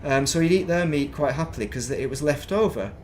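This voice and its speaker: A man's voice: a little high, expressive, a little fast, a little mellow, a little hiss or hum. A middle-aged man from England, chatting casually and rambling while streaming a space game, self-mocking and chatty. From northern England.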